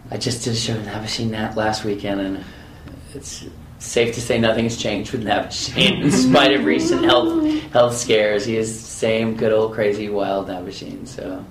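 A man, a voice actor, telling lively anecdotes in an interview and acting out the people he quotes. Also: fairly low pitch, normal speed, background noise. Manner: animated, acts out quoted voices. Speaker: voice actor guest. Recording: echoey room with faint ambience.

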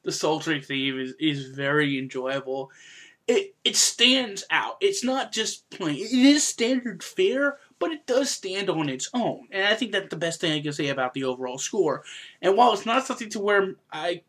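A man hosting a casual podcast review, chatty and quick to laugh, sometimes breaking into loud silly impressions. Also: high voice, expressive. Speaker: podcast host reviewing an anime.

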